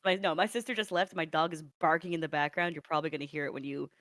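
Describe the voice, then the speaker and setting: A woman's voice: sits low, steady tone, quick pace, a bit bright. A woman guest on a casual video-call interview, blunt and teasing, laughing often as she talks.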